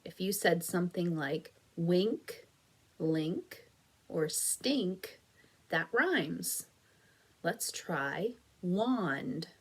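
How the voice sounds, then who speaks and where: Slow, patient woman teaching phonics. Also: fairly low pitch, animated, husky. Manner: slow, stretched-out clapping of syllables; encouraging, patient classroom tone. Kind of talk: recorded phonics lesson for young children.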